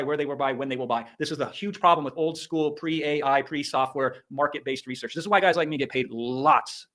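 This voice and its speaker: This slightly high-voiced speaker is a middle-aged man from Iowa coaching online business on a livestream. His motivational talk is full of energy, punchy and emphatic, peppered with swearing and sound effects.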